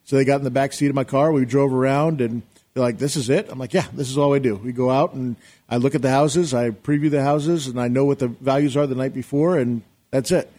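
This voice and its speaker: Excitable man telling a story. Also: mid-range voice, a little fast. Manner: rambling, excitable, acts out quotes loudly. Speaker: guest, real estate investor. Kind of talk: animated storytelling.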